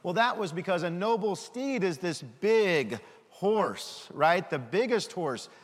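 A man giving a children's sermon, lively and full of questions for the kids. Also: high voice, slow, big-room sound. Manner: animated, asks children questions.

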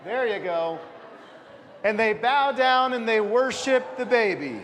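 A very high-pitched man guides a church Christmas pageant, speaking slowly with lively intonation and a bit of brightness while cheerfully coaxing the children through their stage cues. Long hall reverb and slight background noise fill the recording.

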